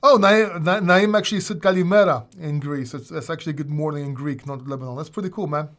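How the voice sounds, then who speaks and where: A man's voice: a little high, fast talker, a bit bright. A man hosting a casual crypto livestream, rambling and joking at his own expense. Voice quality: self-mocking, rambling, many restarts. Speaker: crypto channel host.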